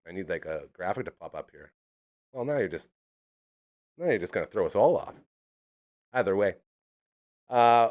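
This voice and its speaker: A man hosting a live podcast in a rambling, jokey, upbeat way. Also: mid-range voice. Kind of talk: casual live show chat.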